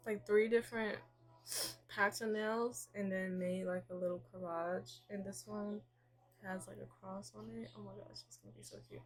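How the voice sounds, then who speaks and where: A young woman at home venting to her camera in a casual, confessional way, soft and halting, a little emotional, with many pauses while she does her nails. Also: mid-range voice. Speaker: vlogger. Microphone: camera set up nearby.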